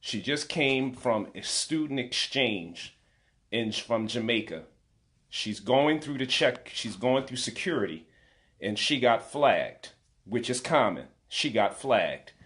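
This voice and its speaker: A man's voice: mid-range voice, expressive, slow, a bit bright. A man in his forties, a parent speaking out in an impassioned vlog, indignant and emphatic, repeating key phrases. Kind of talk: impassioned direct-to-camera vlog.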